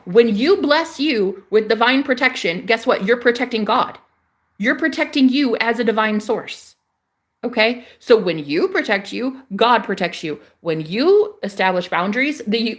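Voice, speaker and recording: A woman's voice: on the high side, animated, normal speed. A young adult woman ranting in a casual spiritual vlog, fiery and emphatic, swearing freely and repeating herself for emphasis. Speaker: spiritual vlogger.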